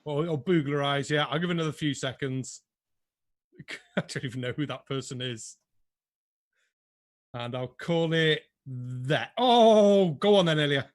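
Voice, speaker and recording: A man's voice: on the high side, unhurried, pauses often, no room sound, clean studio sound. A man hosting a pub quiz over a video call, chatting casually with sarcastic asides and the odd swear word.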